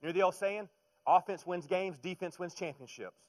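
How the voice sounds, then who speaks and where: A middle-aged man preaching a sermon in a conversational way, dropping to hushed tones and rising to loud emphatic bursts, often repeating words as he goes. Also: sits high, normal speed, low-quality recording. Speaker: pastor.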